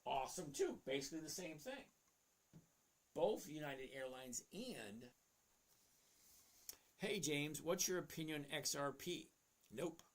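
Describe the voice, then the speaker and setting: A man's voice: fairly high pitch, big pitch swings, measured pace, pauses often. Blunt, chatty man in his sixties. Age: 60s. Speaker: host. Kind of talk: casual livestream reading and answering chat questions.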